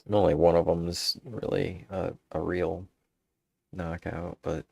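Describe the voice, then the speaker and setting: A man's voice: sits low, level tone, measured pace, gravelly, a little mellow, breathy edge, no echo, muffled recording. A man musing aloud in a meandering, casual monologue, restarting his sentences as he thinks.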